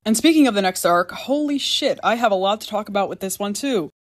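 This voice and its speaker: Fan video host, casual commentary, gushing, swearing, medium pitch. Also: lively intonation, a little fast, music in the background.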